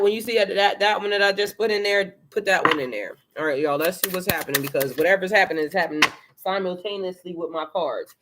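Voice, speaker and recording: A tarot reader doing a casual live card reading, excitable and chatty, swearing freely and talking to viewers and a helper. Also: medium pitch, quick pace, few pauses, a little hiss or hum. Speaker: tarot reader and spiritual coach.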